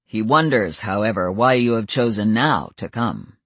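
An audiobook narrator voicing a reserved werewolf man who speaks in flat, measured, formal tones. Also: mid-range voice, no room sound, pitched below the performer's own voice. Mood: grave. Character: calm, stern male werewolf elder, few words.

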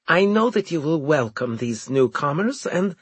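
Officious lady commander giving a formal briefing, pitched up, husky edge, as a man puts her on. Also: big pitch swings, moderate pace, dry recording.

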